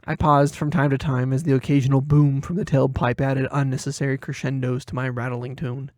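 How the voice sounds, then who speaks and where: Man narrating a dark short story. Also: medium pitch, steady tone, fairly quick, dry recording, studio quality. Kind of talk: first-person horror story narration.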